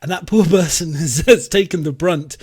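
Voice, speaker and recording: A man's voice: on the high side, normal speed, darkish tone, husky. A man with a London accent hosting a casual podcast chat, rambling and acting out imagined remarks. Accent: London English. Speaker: podcast host.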